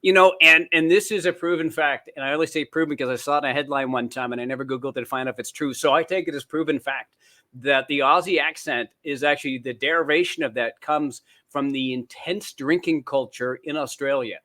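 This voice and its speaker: Guy rambling through stories on a podcast, bright voice, a bit high. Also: brisk. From born in Canada, raised in the United States. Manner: animated, rambling storyteller. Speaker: guest author. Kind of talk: casual interview chat. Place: home in New Zealand.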